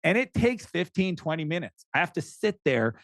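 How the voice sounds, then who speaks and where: Animated middle-aged man from Canada, dry sound. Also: on the high side, normal speed, no room sound. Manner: animated storyteller who acts out quoted dialogue, frequent restarts. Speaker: podcast guest, entrepreneur. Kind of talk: casual interview chat.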